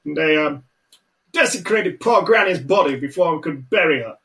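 A man's voice: fairly high pitch, animated, moderate pace, fairly bright tone. A man voicing a fussy, pompous male gnome who stammers and wheedles in a self-important way. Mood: flustered pleading.

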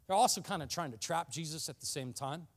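A man preaching a sermon about fasting, earnest and often building to passionate emphasis, with frequent restarts. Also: on the high side, expressive. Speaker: pastor.

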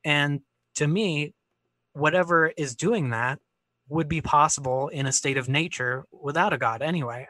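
Young man, debater, bright crisp voice, hesitant, restarts sentences, dry close sound. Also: a little high, no echo. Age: young adult. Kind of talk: casual spoken argument.

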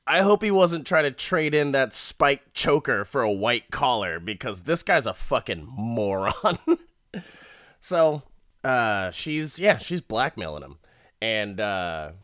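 A man's voice: medium pitch, sing-song, slow, fairly bright tone, no echo, clean studio sound. A man casually recapping an episode with heavy swearing and frequent laughter. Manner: profane, laughs often while talking. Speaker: show recap host.

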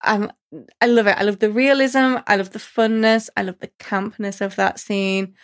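A woman's voice: mid-range voice, steady tone, moderate pace. A woman in a casual chat, talking enthusiastically and acting out quotes in different voices.

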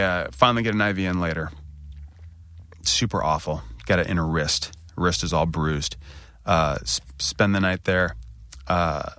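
Low-voiced man telling a story. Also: dry recording, clean studio sound. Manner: animated retelling, voice rising when quoting himself. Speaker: podcast co-host. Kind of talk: candid storytelling chat.

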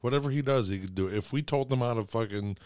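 A man's voice: mid-range voice, quick pace, a little mellow, clean tone, no echo, clean studio sound. A man in a casual chat who rambles, swears a lot and laughs often.

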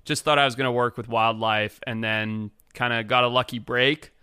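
A man's voice: mid-range voice, normal speed, clear, resonant tone, no echo, clean studio sound. A man from Africa telling stories as an interview guest, loose and chatty, full of "like" and acting out what other people said. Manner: animated, loose and chatty with many "like"s, acts out other people's lines. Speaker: interview guest, wildlife biologist. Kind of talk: casual storytelling.

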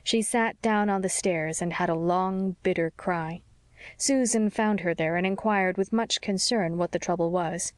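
A woman narrating a classic novel as an audiobook, with a measured and gentle delivery. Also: fairly low pitch, no echo. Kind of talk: scripted narration.

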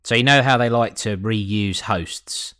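A man's voice: on the low side, a little slow, fairly bright tone, clear, resonant tone. A man co-hosting a podcast, rambling and joking as he recaps a show, swearing freely. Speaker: podcast co-host. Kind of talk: casual chat.

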